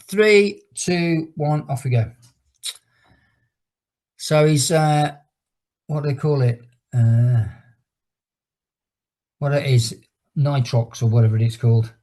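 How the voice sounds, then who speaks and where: A man's voice: medium pitch, takes it slowly, pauses often, warm tone. A middle-aged man who teaches fitness leads an online exercise class over a video call. He tells a long rambling story and breaks off to count down each exercise. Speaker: fitness instructor.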